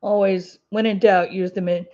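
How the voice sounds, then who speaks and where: A woman's voice: mid-range voice, fairly even intonation, normal speed, a little mellow. Woman host with an Ozark twang, mid-range voice, rambling casual livestream chatter, slightly muffled lo-fi audio. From Ozark Mountains, US. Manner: chatty and rambling, with many fillers and laughs. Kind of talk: casual livestream chat answering viewer comments.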